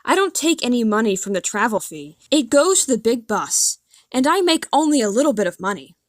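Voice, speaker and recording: A woman voicing a harsh male smuggler bus driver who barks his orders loudly in an audiobook. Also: a little high, very animated, a little fast, no room sound, clean studio sound. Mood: defensive. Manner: barking orders, loud.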